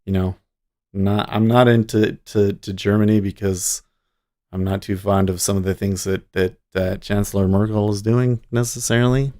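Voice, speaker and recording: A man's voice: lowish voice, fairly even intonation, moderate pace, darkish tone. A man hosting a day trading livestream, chatting casually and easily with his viewers and chuckling often. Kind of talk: casual live-stream chat.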